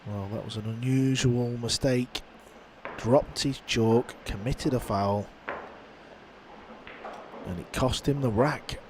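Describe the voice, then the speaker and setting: Male pool commentator, mid-pitched and conversational. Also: fairly even intonation, slow pace, pauses often, background noise. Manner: conversational, reflective on players' mindset. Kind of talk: live sports commentary.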